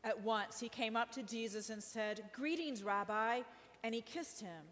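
A woman reading scripture aloud in a slow, solemn group reading. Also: on the high side, steady tone, fairly bright tone. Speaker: scripture reader. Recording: hall reverb.

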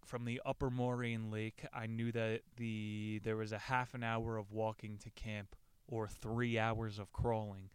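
A man's voice: lowish voice, clear, resonant tone, no room sound. A man casually retelling a survival story, joking and swearing freely as he reads passages aloud. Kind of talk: casual retelling with quoted readings.

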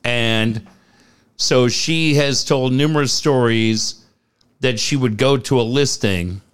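A man's voice: mid-range voice, slow pace, a bit bright, clear, resonant tone. A man co-hosting a sports podcast, chatting casually in an upbeat, rambling way as he plugs upcoming shows. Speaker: podcast co-host.

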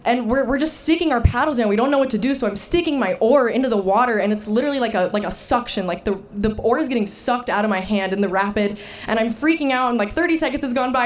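A young woman telling a personal story to an audience, animated and laughing, with fillers and restarts. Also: fairly high pitch. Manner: animated, laughing, shouting the quoted lines.

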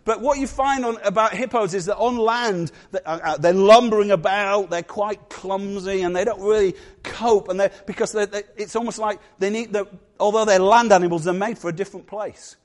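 A man preaching a sermon to his church, animated and jokey, acting out little voices. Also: high voice, moderate pace, few pauses. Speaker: pastor.

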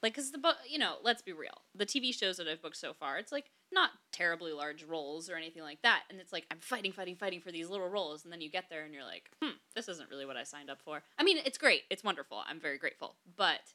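A woman's voice: fairly low pitch, animated, fast talker, few pauses, sharp tone. A woman actor chatting as a podcast guest, chatty and self-deprecating with giggly asides. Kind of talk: casual chat.

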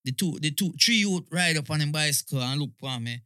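A man with a Jamaican accent telling stories in a casual chat, in a lively manner heavy with patois. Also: a little high, fairly quick, no echo, studio quality. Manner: animated, patois-heavy storytelling.

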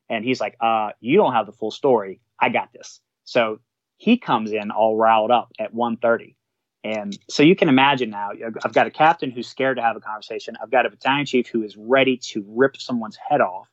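A man's voice: medium pitch, fairly quick, dry recording, dull audio. A man, a fire captain, telling a workplace story in a casual way, acting out what others said and swearing now and then. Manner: animated, acts out quotes of others, swears.

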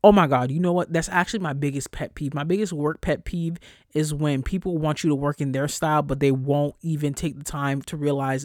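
A podcast host venting in a loose, profane monologue, fed up and animated. The pitch sits in the middle, and the close, dry sound carries almost no room around the voice. Quoted coworkers get mocking high voices. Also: a little fast, no echo. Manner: profane, exasperated, animated storytelling. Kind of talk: casual solo rant.

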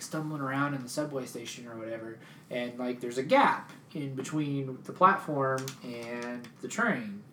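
A man's voice: medium pitch, fairly bright tone, distant mic, a little hiss or hum. A man from Arkansas with a Southern accent, telling a rambling story in casual chat, swearing freely and acting out quotes. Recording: roomy, off-mic with faint ambience.

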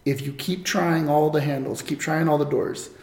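A man's voice: fairly high pitch, steady tone, moderate pace, darkish tone. A man guest in a church interview, speaking earnestly, quoting scripture and firing off rhetorical questions. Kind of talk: casual interview with preaching. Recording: echoey room, faint noise.

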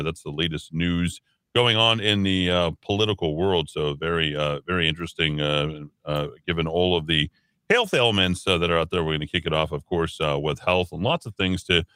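Chatty radio host, bright dry voice. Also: male voice, very deep voice, steady tone, moderate pace, clean tone, no echo. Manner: loose, chatty, many filler "uh"s. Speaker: radio talk show host. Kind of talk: casual radio talk. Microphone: studio broadcast mic.

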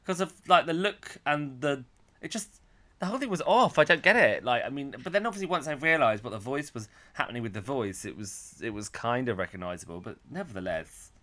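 A man from Britain co-hosting a podcast, rambling and halting, with many fillers as he trails off. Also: medium pitch, expressive, bright, forceful tone. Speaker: podcast co-host. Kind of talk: casual chat reviewing a TV episode.

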